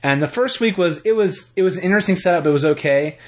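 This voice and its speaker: Husky man rambling through a TV recap. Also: sits high, fast. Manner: rambling, animated retelling with quoted voices. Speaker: podcast co-host. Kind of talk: casual chat, retelling a TV episode.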